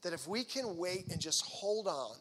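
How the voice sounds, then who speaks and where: High, bright-voiced animated youth speaker man. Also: moderate pace, husky. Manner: animated, acts out voices in quoted dialogue; chatty and conversational, with frequent fillers. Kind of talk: energetic faith talk to teenagers.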